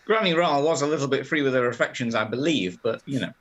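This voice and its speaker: A man playing in an online tabletop game, making rapid, joking asides. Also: medium pitch, animated, a bit bright, dull audio. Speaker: player. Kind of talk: casual tabletop game chat.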